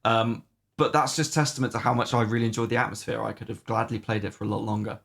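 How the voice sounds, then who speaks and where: A man's voice: fairly low pitch, steady tone, quick pace, vocal fry, a bit bright. A man co-hosting a podcast, casually reviewing games with lots of ums and the odd swear. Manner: rambling, many "um"s, swears casually. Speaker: podcast co-host. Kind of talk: casual game review chat.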